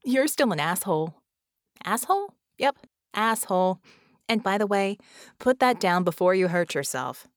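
A woman's voice: mid-range voice, sing-song, moderate pace, no echo, clean studio sound, natural voice. A woman voicing a cocky fused heroine. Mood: taunting. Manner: taunting, smug. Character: fused magical heroine, cocky, mocking, self-assured.

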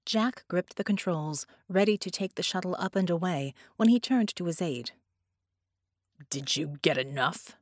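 A woman reading a science-fiction story aloud as narrator, in a steady storytelling manner. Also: on the low side, moderate pace, hardly any pauses, no room sound, clean studio sound. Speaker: audiobook narrator. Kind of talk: scripted narration.

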